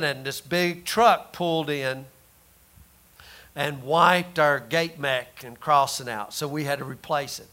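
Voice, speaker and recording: A man preaching a sermon, telling folksy stories and rising to loud emphasis. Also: on the high side. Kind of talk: sermon with personal story.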